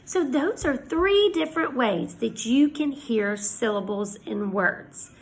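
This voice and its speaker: A woman teacher giving a lesson to young children, speaking slowly and clearly in an encouraging way. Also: high voice, expressive.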